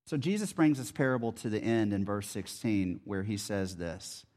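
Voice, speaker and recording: A pastor with a fairly low voice preaches at a moderate pace, explaining a Bible passage verse by verse in an animated, conversational way.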